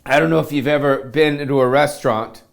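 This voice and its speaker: A man's voice: medium pitch, steady tone, quick pace, gravelly. A man doing a self-pitying comedic rant to camera, swearing constantly in slangy surfer-dude talk. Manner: profane, self-pitying, ranting.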